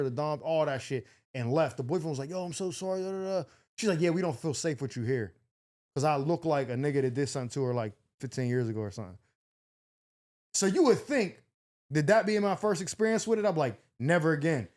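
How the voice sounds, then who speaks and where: Animated young man telling a story. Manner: animated, acts out quotes with big pitch jumps, swears freely. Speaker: podcast host. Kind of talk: casual storytelling.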